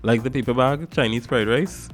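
A man from Guyana with a Guyanese accent, hosting a casual talk-show monologue in an animated, emphatic way, swinging between loud stresses and soft asides. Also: mid-range voice, moderate pace, soft background music. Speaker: radio show host.

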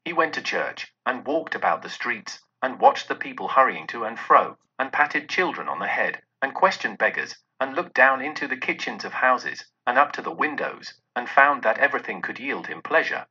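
Husky, lively male storybook narrator. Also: medium pitch, normal speed, hardly any pauses. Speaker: audiobook narrator. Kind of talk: scripted narration. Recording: dull lo-fi recording.

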